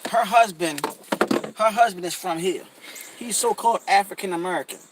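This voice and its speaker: A man's voice: high-pitched, normal speed, background noise. A man talking casually on a podcast, emphatic and repetitive, telling stories with restarts and stutters. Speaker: podcast co-host. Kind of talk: casual conversational commentary.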